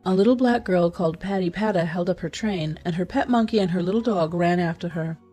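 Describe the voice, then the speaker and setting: A woman storyteller reads a fairy tale in a calm, even, scripted way. Her voice is lowish, mellow and a little breathy. Soft music plays faintly behind her. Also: fairly quick. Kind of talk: scripted narration.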